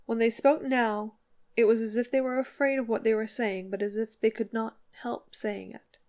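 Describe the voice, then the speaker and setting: Give me a woman with a fairly high voice narrating a classic short story. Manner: measured, expressive reading. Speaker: audiobook narrator. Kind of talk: scripted narration.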